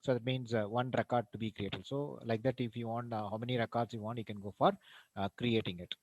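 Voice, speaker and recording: A man's voice: medium pitch, fairly even intonation, fairly quick, a little hiss or hum, low-quality recording. A male college lecturer with an Indian English accent, walking through a programming tutorial in a hesitant way with many fillers. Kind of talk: screen-recorded programming tutorial.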